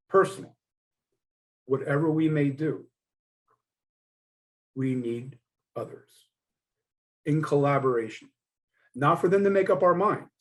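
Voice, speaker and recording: A middle-aged man who is a guest coach in an interview. He speaks in a reflective, measured way and often comes back to the same points. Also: on the high side, rough recording. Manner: reflective, measured, repeats "again" and "yes". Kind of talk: conversational interview.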